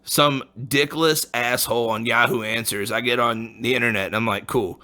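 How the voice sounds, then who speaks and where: A man's voice: mid-range voice, steady tone, moderate pace, pushed and bright. A man hosting a podcast, telling a story in a rambling, casual way, full of slang and swearing, laughing often. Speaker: podcast host.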